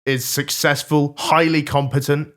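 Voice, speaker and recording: A man's voice: a little high, level tone, measured pace, a bit bright. A man co-hosting a podcast, bragging and joking crudely in casual banter. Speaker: podcast co-host.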